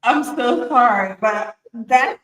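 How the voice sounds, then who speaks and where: Woman podcast co-host, unhurried playful delivery, echoey room sound. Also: a little high, expressive, a bit bright. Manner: playful, teasing, sly jokes. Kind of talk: casual chat. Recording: roomy echo.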